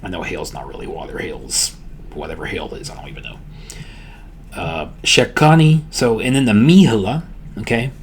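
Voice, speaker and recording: Laid-back man tutoring slowly. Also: low voice, a little hiss or hum. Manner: relaxed, repeats words slowly and checks in with "okay?". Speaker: language tutor. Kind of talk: casual spoken language lesson.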